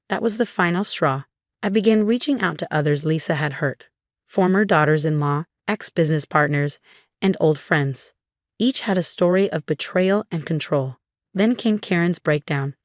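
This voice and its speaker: A woman with a low voice narrates a dramatic first-person story in an even, measured way. The sound is dry and close, with no room around it. It is scripted storytelling, steady from line to line. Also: dry recording.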